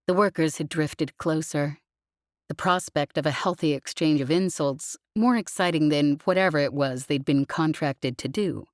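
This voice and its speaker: Woman reading a sci-fi audiobook, low voice, slow, super dry close sound. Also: no room sound. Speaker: audiobook narrator. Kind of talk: scripted narration.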